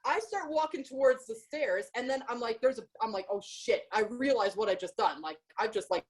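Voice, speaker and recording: A woman co-hosting a podcast, telling a story in a casual, profane, animated way and quoting herself. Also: fairly high pitch, a little fast. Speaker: podcast co-host.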